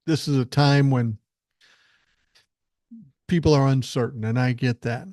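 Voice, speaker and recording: A man's voice: mid-range voice, fairly even intonation, a little slow, darkish tone, no echo, clean studio sound. An older man hosting a solo podcast, talking bluntly and emphatically, with frequent swearing. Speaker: podcast host. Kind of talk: solo political podcast monologue.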